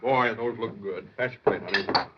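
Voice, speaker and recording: A man playing a loud, bossy middle-aged father in a 1950s film comedy, on a lo-fi old soundtrack. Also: on the low side, moderate pace, heavy background noise, close to an everyday voice. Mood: blustering.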